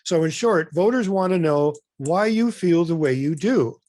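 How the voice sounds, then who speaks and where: A man's voice: on the high side, animated, measured pace, darkish tone, no room sound. Chatty man presenting a webinar, dry sound. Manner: loose and conversational, with many fillers and restarts.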